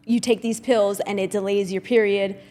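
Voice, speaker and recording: A woman's voice: mid-range voice, fairly even intonation, normal speed, dark tone, long reverb tail. A woman hosting a podcast in casual chat, laughing often and telling stories with animation. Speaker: podcast host.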